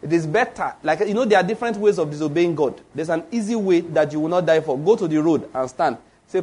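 A male preacher delivers a sermon in a high voice. He presses each point hard and keeps turning to the congregation with questions. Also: quick pace, darkish tone, slightly rough. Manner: emphatic, with rhetorical questions to the congregation.

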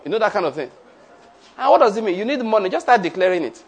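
Male preacher; higher-pitched, leads declarations in a sermon. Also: animated, racing. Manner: leads the congregation in call-and-response declarations.

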